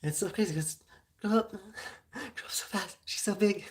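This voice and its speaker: A woman's voice: medium pitch, moderate pace. Chatty woman host with a phlegmy throat. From Southern California. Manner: chatty, many ums and likes, giggles often. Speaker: show host. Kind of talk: casual solo talk to viewers.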